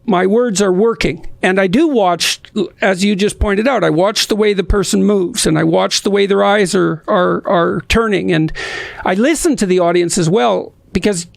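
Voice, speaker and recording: A man interviewing his guest, speaking thoughtfully in a measured, halting way with frequent restarts. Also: high voice, vocal fry, no room sound. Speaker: interviewer, psychology professor.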